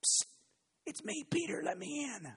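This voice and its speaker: A man doing an urgent, hushed escaped prisoner. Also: very high-pitched, sing-song, measured pace, pitched above the performer's own voice, heavily acted.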